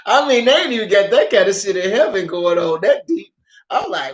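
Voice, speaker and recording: Excitable, profane woman vlogger, roomy echo. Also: on the high side, a little fast. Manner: profane, excitable, laughs often. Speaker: drama review vlogger. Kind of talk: casual unscripted chat to viewers.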